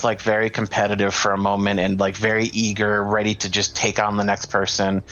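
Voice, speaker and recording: A man's voice: on the low side, fairly bright tone, lo-fi sound. A man narrating a tabletop game as game master, loose and casual with lots of fillers.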